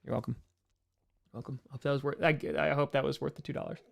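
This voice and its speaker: A man's voice: medium pitch, steady tone, fast, creaky. A man hosting a casual live-stream Q&A, reading chat messages aloud and answering with playful jokes and frequent laughs.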